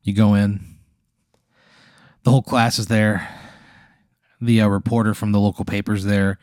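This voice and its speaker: A man's voice: lowish voice, flat delivery, normal speed, darkish tone, no echo, clean studio sound. A man hosting a podcast, spinning a laid-back, profane improvised story in the second person. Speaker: podcast host.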